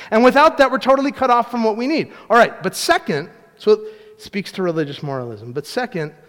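A pastor with a fairly bright voice that sits high for a man gives a sermon in a loose, conversational style, restarting sentences and sharing small family stories. The long reverb of a church hall surrounds his voice.

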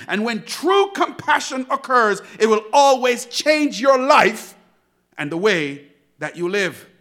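Pastor, male, high bright voice, lively swooping sermon delivery. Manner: preaching that swells to shouted emphasis.

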